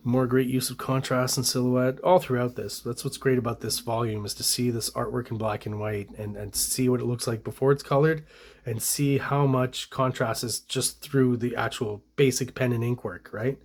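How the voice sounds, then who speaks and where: A Canadian man in the middle range of male pitch, giving casual commentary on comic-book art. He talks in a loose, rambling way, full of "um" and "you know", stopping to restart his sentences. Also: normal speed. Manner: relaxed, rambling, many fillers. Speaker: comic artist reviewing comic art.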